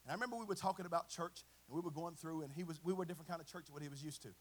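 A man preaching a sermon, swinging from a quiet storytelling voice to chanted, shouted climaxes. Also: fairly high pitch, rapid-fire. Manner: chanting, shouted climaxes with congregational call and response; drops to a quiet conversational storytelling voice.

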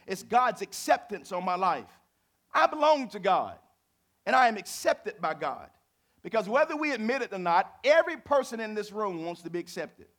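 A man delivers a sermon in a slightly high voice. He talks to the congregation in a folksy, direct way, rising to loud declarations and dropping to quiet asides. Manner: dynamic preaching, swings from loud to hushed. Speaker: pastor.

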